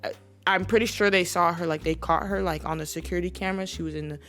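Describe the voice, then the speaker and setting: A woman's voice: fairly low pitch, steady tone, quick pace, a bit bright, soft background music. Sarcastic woman ranting about basketball. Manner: mock-serious, sarcastic, rambling. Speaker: basketball commentary channel host. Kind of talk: sarcastic commentary rant.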